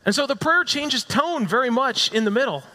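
High, lively man preaching in reverberant hall. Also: normal speed. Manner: dramatic, rising and falling delivery with repetition. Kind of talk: sermon. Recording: echoey hall with long reverb.

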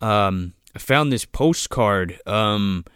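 A man on a podcast putting on a low, hesitant voice for a sleazy grown man making clumsy advances. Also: expressive, slow pace, fairly bright tone, clear, resonant tone, dry recording, clean studio sound, heavily acted. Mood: sleazy mumble. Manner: low, mumbling, hesitant drawl.

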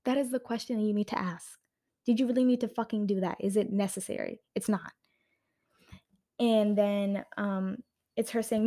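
A woman's voice: mid-range voice, fairly even intonation, normal speed, warm tone. A young woman ranting casually on her vlog, heated and swearing often, full of fillers and restarts, recorded on a camera mic indoors at home. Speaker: video creator reviewing a film.

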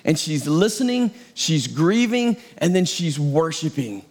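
A man's voice: fairly high pitch, very animated, unhurried. A middle-aged male pastor preaching a sermon in a conversational, self-deprecating way.

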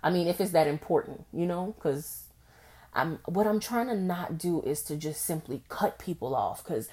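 Low-voiced candid woman podcaster. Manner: candid and expressive, acts out past conversations in a high voice. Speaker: podcast host. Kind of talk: casual solo podcast monologue.

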